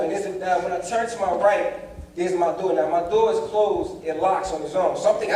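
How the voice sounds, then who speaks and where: A young man, storytelling to a seminar crowd with a fairly high, lively voice. He acts out the voices in his story and speaks straight to the audience. The sound booms through a large, very reverberant performing arts hall, picked up from far off with faint ambience underneath. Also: fairly quick, a little hiss or hum. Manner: animated, acts out dialogue, addresses the crowd directly. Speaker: motivational speaker. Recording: echoey hall, distant mic, faint ambience.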